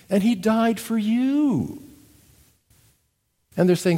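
A man preaching a sermon, emphatic and animated, telling stories and demonstrating. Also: on the high side, a little slow, long reverb tail. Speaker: missionary preacher. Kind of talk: sermon with storytelling.

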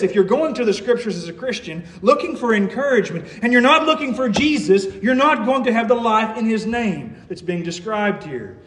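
Male preacher, high voice, emphatic sermon delivery, reverberant church sound. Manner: earnest, emphatic, rhetorical questions.

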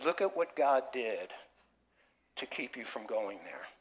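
A man's voice: medium pitch, very animated, unhurried. A man preaching a sermon in a church, emphatic, with many rhetorical questions to the congregation. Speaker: pastor.

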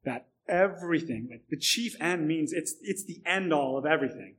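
A man's voice: on the high side, expressive, fairly bright tone, husky. Earnest man preaching a sermon. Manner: earnest, builds intensity in repeated lists; halting restarts, repeats words.

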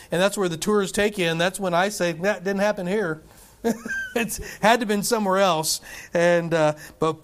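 Animated man preaching a sermon. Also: high voice. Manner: animated preaching, chuckles, quotes scripture in King James English. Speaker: pastor.

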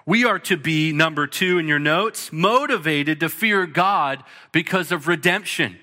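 A man's voice: on the high side, expressive, a little slow, pushed and bright. A man in his thirties preaching a sermon as pastor, earnest and emphatic, with short punchy repeated lines. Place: church sanctuary. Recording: long reverb of a large hall.

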